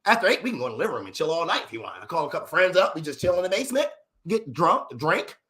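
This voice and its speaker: A young adult man telling comedic stories in a profane, animated style, slipping into character voices. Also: a little high, rapid-fire. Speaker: comedic storyteller.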